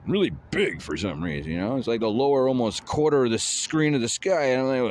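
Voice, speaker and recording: A man's voice: medium pitch, lively intonation, fairly quick, hardly any pauses, darkish tone, slight background noise. A man rambling in a casual monologue, drawling with lots of fillers like "you know" and "man".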